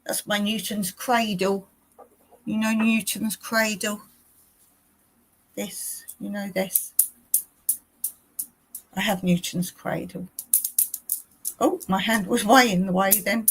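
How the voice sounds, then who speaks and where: A woman's voice: medium pitch, steady tone, slow, fairly bright tone, slight background noise, poor audio. A middle-aged woman hosting a casual live stream, chatty and rambling, often laughing as she talks.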